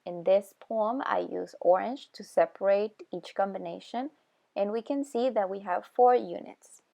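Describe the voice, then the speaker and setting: A young woman calmly explaining a study method step by step, in a tutorial voice-over. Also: mid-range voice, creaky, lo-fi sound. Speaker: student video host.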